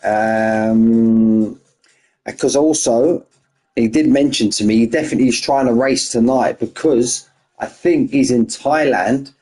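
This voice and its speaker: A man's voice: medium pitch, unhurried, mellow. A man hosting an online racing league stream, chatting casually and greeting viewers one by one as mates. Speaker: race league host.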